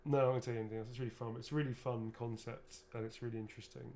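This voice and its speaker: A man's voice: mid-range voice, flat delivery, very fast, crowd noise. Chatty man rambling while he signs. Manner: rambling, chatty, swears freely. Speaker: actor signing autographs. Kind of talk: casual livestream chat.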